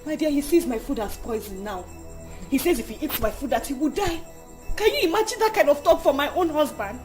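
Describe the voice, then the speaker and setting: A faithful wife wrongly accused, her voice high and swinging widely as she pleads. Soft music runs under the scene. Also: expressive, a little fast. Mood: distressed. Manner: pleading, repeats "Eh?". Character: distressed faithful young wife. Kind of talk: Nollywood film acting.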